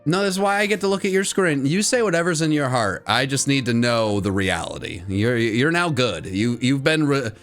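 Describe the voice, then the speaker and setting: A young man co-hosting a casual gaming chat, playful and jokey, with excitable reactions. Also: medium pitch, moderate pace, few pauses, faint music behind. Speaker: co-host of a gaming channel.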